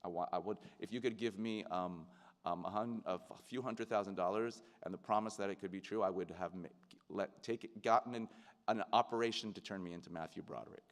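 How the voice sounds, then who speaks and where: A man's voice: deep voice, a little fast. A middle-aged man, an actor, giving a heartfelt and reflective commencement speech. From United States. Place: large ceremony venue. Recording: long reverb of a large venue.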